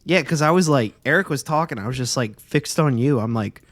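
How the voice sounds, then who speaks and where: A man's voice: mid-range voice, lively intonation, brisk, a bit bright, no room sound. A man co-hosting a podcast, chatting casually and agreeing along with the others. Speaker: podcast co-host. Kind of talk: casual chat.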